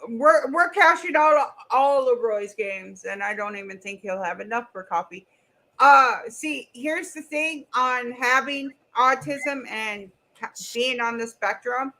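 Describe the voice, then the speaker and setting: A woman's voice: fairly high pitch, unhurried, pushed and bright, rough recording. A middle-aged woman hosting a casual livestream chat, blunt and goofy, swearing freely. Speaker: streamer and co-host.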